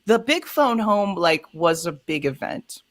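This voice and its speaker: A woman's voice: on the low side, sing-song, measured pace, dry recording, clean studio sound. A woman guest in casual chat, chatty and filler-heavy. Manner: chatty, lots of likes and ums.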